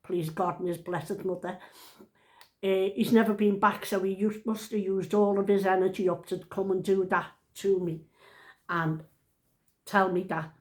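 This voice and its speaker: A woman's voice: medium pitch, fairly even intonation, unhurried. An older woman with a Liverpool accent, telling a family story in a chatty, rambling, homely way. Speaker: vlogger. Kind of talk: casual storytelling.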